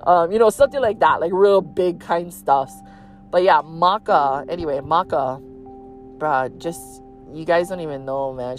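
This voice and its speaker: Hawaii pidgin-accented woman, deep-ish voice, swears a lot, just chatting solo on a podcast. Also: a little mellow. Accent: Hawaii Pidgin-tinged. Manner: chatty and candid, with frequent swearing. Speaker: podcast host. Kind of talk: casual solo podcast monologue.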